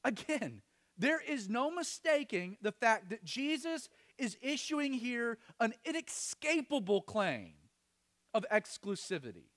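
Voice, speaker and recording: A man's voice: extremely high pitch, very animated, measured pace, fairly bright tone. A man preaching a sermon as pastor, earnest and emphatic.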